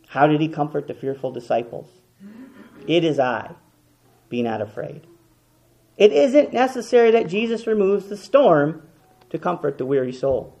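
A man preaching a sermon, impassioned, swinging between loud and hushed, repeating words as he goes. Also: on the high side, vocal fry.

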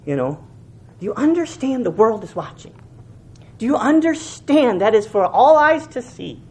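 Fervent male preacher with a lively, swooping voice. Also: moderate pace. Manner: fervent preaching, swings between loud peaks and hushed lows; repeats and restarts phrases for emphasis. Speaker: pastor. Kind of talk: sermon.

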